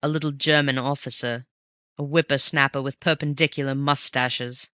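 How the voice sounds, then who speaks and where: A reader voicing a cool, mocking gentleman thief who talks low and forcefully, in an audiobook reading. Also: fairly even intonation, moderate pace, clear, resonant tone, no echo, clean studio sound, close to an everyday voice. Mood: wry. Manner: snarling and teasing by turns.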